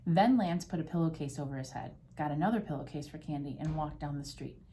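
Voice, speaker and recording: A woman from a school staff reading a Halloween storybook aloud with an expressive delivery. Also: low-pitched, fast, slight background noise.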